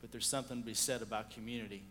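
Animated preacher telling a story in a hall. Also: male voice, fairly low pitch, racing. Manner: storytelling, animated, swings from loud to hushed. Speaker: pastor. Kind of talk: sermon.

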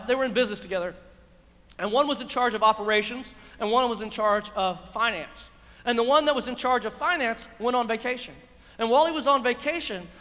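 A man's voice: very high voice, sharp tone, long reverb tail. A man preaching a sermon, asking his congregation rhetorical questions. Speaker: pastor. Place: church.

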